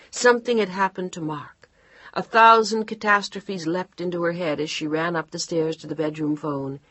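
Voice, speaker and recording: Female audiobook narrator, low and husky, measured, dry studio read. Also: no room sound. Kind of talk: scripted narration.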